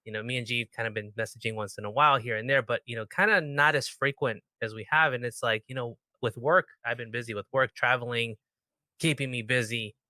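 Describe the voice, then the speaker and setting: A man hosting a podcast, telling stories in an animated, playful, casual way. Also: mid-range voice, a little fast, dry recording. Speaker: podcast host.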